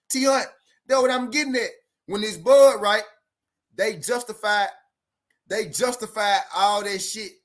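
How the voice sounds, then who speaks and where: A man hosting a live sports talk stream, reading out chat messages and ranting in a slangy, animated way. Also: sits high. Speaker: boxing talk show host.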